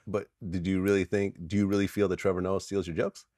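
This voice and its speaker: A man interviewing a guest, asking quick questions and giving short acknowledgments. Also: deep voice, flat delivery, a little mellow, dry recording, studio quality.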